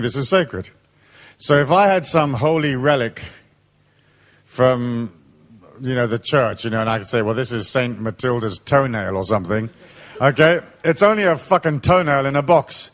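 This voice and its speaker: A man giving a live seminar talk in a large hall, telling rowdy stories full of swearing. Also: fairly high pitch. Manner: profane, storytelling, animated. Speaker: seminar speaker.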